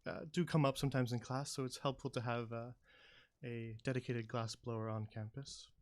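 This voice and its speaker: A man voicing a courteous college staff guide who explains campus rules with many pauses. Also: mid-range voice, steady tone, lightly acted. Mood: explaining.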